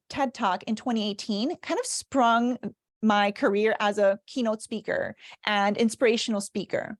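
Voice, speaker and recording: Animated woman telling her story. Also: a little high, no echo, clean studio sound. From Cuban. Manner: animated storyteller, laughs often, acts out dialogue. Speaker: speaker and leadership consultant. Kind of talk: personal story told in a webinar talk.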